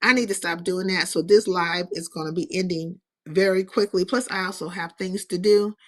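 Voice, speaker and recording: A woman's voice: on the low side, steady tone, moderate pace. Loose profane woman livestreamer. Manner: loose, profane, rambling chat with chat readers. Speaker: livestream host. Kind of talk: casual livestream chat.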